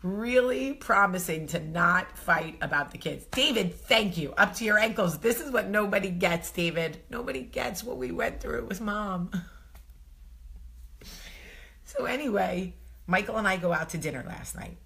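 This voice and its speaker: A woman in her thirties with a New Jersey accent, telling a story to camera in a casual vlog, animated and often laughing. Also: medium pitch, moderate pace. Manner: animated, swings to loud exclaiming, laughs often. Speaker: vlog host.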